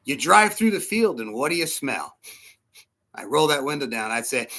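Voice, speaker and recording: A middle-aged man preaching a sermon as a pastor, animated and acting out the voices of people in his stories. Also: medium pitch, normal speed.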